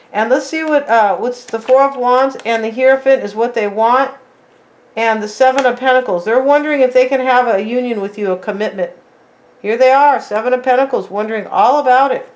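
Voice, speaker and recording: A woman with a somewhat high voice talks her viewers through a tarot spread. Her delivery is loose and chatty, full of "like" and "right?", and she speaks to the audience directly as "you guys.". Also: normal speed. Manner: chatty, tags lines with "right?" and "like". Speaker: tarot reader. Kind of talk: casual tarot reading to viewers.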